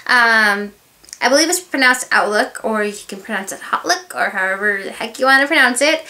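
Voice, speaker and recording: A woman's voice: fairly high pitch, brisk, pushed and bright. A woman talking casually in a beauty haul video, rambling and chatty with many asides. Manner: rambling, chatty, full of filler words and asides. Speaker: beauty vlogger. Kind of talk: casual haul review chat.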